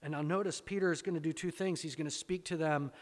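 A man with a fairly high voice delivers a sermon, posing questions to his listeners and driving points home through repetition. His words trail off into the long reverb of a big hall. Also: steady tone, fast. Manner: asks rhetorical questions and repeats phrases for emphasis. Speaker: pastor.

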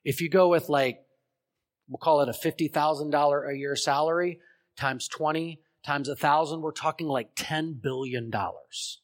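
Male preacher, fairly high voice, dramatic storyteller who acts out parables and quizzes the room. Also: moderate pace. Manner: storytelling, acts out parable voices with big swings from shouts to hushed tones; asks the congregation questions. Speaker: pastor. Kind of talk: sermon.

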